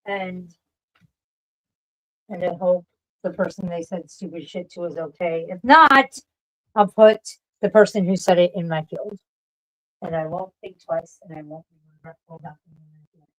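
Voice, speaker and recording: A woman streamer in casual livestream chat, ranting with lots of swearing and shouting at her pets. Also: on the low side, steady tone, a little slow, long pauses, rough recording.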